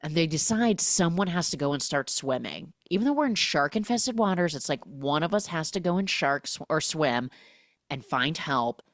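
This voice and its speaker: A woman hosting a podcast, casually recapping a film and acting out the characters' lines with big jumps in pitch. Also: lively intonation, normal speed, dry recording, clean studio sound.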